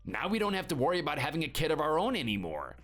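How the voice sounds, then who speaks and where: A man's voice: a little high, wildly swooping pitch, rapid-fire, a bit bright, faint music behind, exaggerated voice. A man playing a busy, impatient husband. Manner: impatient and brushing off. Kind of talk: animated story voice acting.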